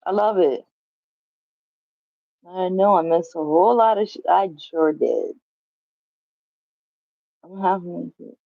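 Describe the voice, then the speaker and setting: A woman's voice: lowish voice, takes it slowly, creaky, pauses often, dry recording, narrow, tinny audio. A woman chatting casually on a livestream from home, swearing freely and laughing as she reads the chat. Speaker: livestream host. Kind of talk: casual live-stream chat.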